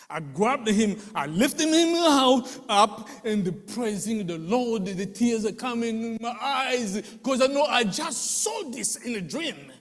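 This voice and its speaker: A man giving an emotional spoken testimony, telling the story with animated delivery and acting out quoted voices. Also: very high voice, a little slow, few pauses, in a large hall.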